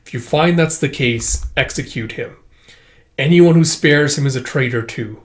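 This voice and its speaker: A man reading the lines of an arrogant, ruthless male emperor in a commanding, sometimes slow and menacing way. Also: medium pitch, close to an everyday voice. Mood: imperious.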